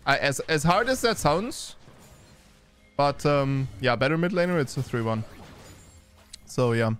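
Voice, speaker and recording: A man giving casual esports review commentary, loose and chatty with many fillers and restarts, turning brisk for play-by-play. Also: mid-range voice, expressive, a bit bright, clean tone, soft background music. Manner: turns brisk during play-by-play.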